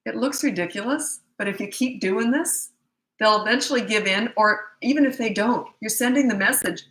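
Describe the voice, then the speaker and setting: A woman's voice: medium pitch, lively intonation, fairly quick, a bit bright. A woman in her sixties, a parenting coach giving frank, chatty advice in a live Q&A, laughing easily and acting out bits of dialogue. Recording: echoey room.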